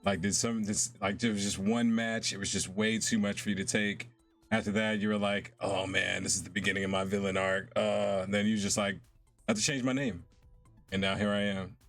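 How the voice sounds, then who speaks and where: A man's voice: lowish voice, steady tone, normal speed. A young man chatting casually and laughing often while he streams a game. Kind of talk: casual live-stream chat while gaming. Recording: faint game music behind.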